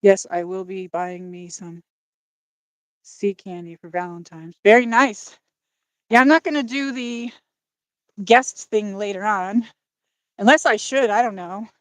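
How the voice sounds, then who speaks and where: A woman's voice: mid-range voice, a little slow, pauses often, no room sound. Breathless woman chatting on a dusk walk. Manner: rambling, apologetic, talks to chat. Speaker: livestream host. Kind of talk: casual livestream chat while walking. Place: outdoors by a lake at dusk. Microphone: phone on a gimbal.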